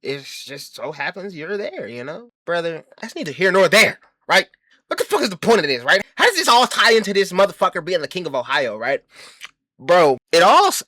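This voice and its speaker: Brash, boastful man with lively pitch. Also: brisk, no echo, clean studio sound. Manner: brash, profane, mock-grandiose bragging; rambling, self-interrupting asides. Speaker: comedy commentary host. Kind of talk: comedic boastful monologue.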